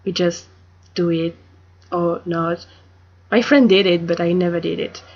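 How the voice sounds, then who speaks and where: A young woman from France with a French accent, talking casually to camera in a hesitant, soft-spoken way with filler pauses. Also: on the low side, fairly even intonation, lo-fi sound. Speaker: vlogger.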